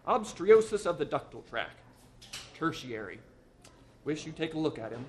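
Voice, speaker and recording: A man's voice: on the high side, sing-song, normal speed, a little hiss or hum. A man voicing a haggard, nervous male surgeon in a read-aloud story. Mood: worried. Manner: worried, weary.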